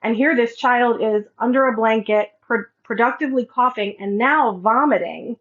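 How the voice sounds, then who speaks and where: A woman's voice: a little high, normal speed, fairly bright tone. A woman podcast host and life coach telling a personal story in a casual monologue, acting out the quoted dialogue with animation. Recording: slightly muffled lo-fi audio.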